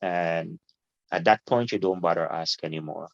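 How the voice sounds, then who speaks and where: Low-voiced man telling his story. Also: normal speed, gravelly, no room sound. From Guyana. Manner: animated storyteller, loose informal grammar, laughs easily. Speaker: guest. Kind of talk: casual interview storytelling. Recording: dull lo-fi, dry.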